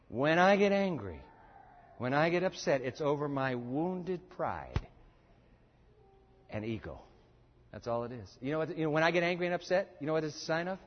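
Brief: high-pitched male preacher, emphatic sermon delivery, long hall reverb. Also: lively intonation, normal speed, pauses often. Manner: emphatic, repeats points for note-taking. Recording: echoey dull lo-fi hall recording.

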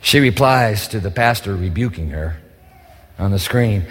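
This preacher's voice is fairly low and a bit bright, animated yet a little slow, as he pleads in an impassioned sermon full of rhetorical questions. His words echo with the long reverb of a big hall.

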